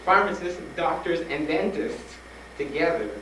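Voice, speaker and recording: Male guest speaker, frank and animated, slightly high-pitched, recorded from afar on noisy tape. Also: a little slow. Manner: animated, acts out dialogue, laughs often; frank and urging. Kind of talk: personal storytelling talk to students. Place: school hall with an audience. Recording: roomy old tape from a distant mic, noisy.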